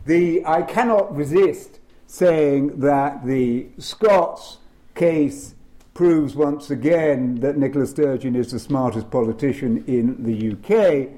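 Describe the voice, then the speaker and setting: A man speaking on constitutional law at a panel, emphatic and lively, with frequent fillers. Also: a little high. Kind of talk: lecture-style panel talk.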